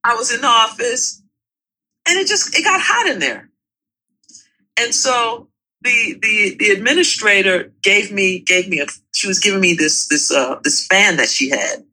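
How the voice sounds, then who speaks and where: A woman in her forties with a very bright, forward voice, co-hosting a casual podcast. She tells her stories earnestly, stumbling and repeating words as she goes. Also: medium pitch, expressive, a little slow, poor audio. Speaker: podcast co-host. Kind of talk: casual chat.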